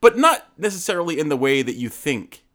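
A man co-hosting a casual chat podcast, his voice swinging up and down with lots of lively inflection. He rambles and restarts, and teases his partner between thoughts. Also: on the high side, a little fast. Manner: rambling, restarts and asides, teasing. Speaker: podcast co-host.

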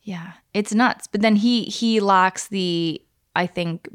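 A woman co-hosting a podcast in casual, animated chat, laughing often. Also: medium pitch, slow pace. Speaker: podcast co-host.

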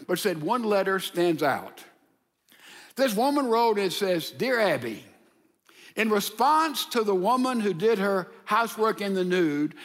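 A man with a high voice preaches to a congregation, retelling a story with lively acted-out quotes. His voice rings with long reverb through a large hall. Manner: animated storytelling, acting out quoted letters. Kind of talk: sermon with storytelling.

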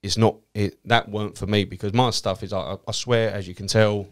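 A man with an Essex accent chats casually and tells stories, swearing freely and acting out the people in them. His voice sits a little low. He talks like a cab driver who does stand-up. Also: a little fast, smooth. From Essex, England. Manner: swears freely, acts out quoted people in a lively way. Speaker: cab driver and comedian guest. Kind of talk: casual chat, telling anecdotes.

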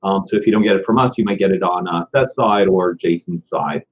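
A man's voice: deep voice, a little fast. A man hosting a live online session in casual chat, loose and rambling with lots of fillers. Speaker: live show host. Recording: slightly muffled, faintly noisy call audio.

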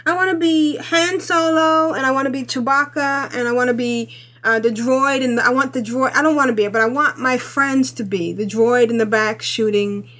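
A woman with a high voice chats on a gaming podcast. She is animated and insistent, and often pokes fun at herself. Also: moderate pace. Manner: animated, insistent, self-mocking. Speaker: podcast co-host. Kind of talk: casual gaming podcast chat.

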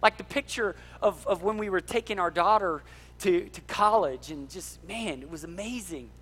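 Man, middle-aged pastor, lively sermon, jokes with the crowd, bright tone. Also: sits high, normal speed, slightly rough. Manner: animated, joking with the congregation. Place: church sanctuary.

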